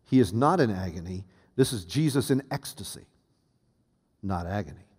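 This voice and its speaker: Conversational pastor teaching in a reverberant church. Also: male voice, fairly low pitch, lively intonation, normal speed, darkish tone, breathy edge. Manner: conversational, asks the congregation questions, restarts often. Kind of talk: teaching sermon. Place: church sanctuary.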